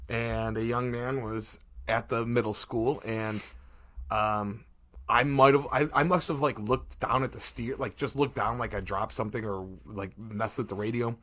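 A man co-hosting a podcast, telling a story in a rambling, animated way and acting out the quotes between laughs. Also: mid-range voice, normal speed. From Ohio, USA. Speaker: podcast co-host. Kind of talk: casual storytelling chat.

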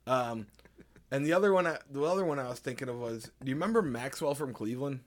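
A man's voice: medium pitch, expressive, fast. A young man chatting casually on a podcast, laughing often and mimicking radio voices. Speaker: podcast co-host. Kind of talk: casual chat.

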